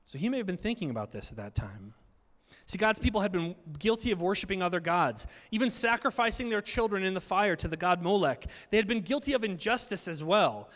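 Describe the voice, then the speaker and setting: A man delivers a sermon with a lively, swooping delivery that rises and falls a great deal. His voice sits a little high for a man. He talks conversationally, tossing asides to his congregation, and his words ring out in a reverberant hall. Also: fairly quick. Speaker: pastor.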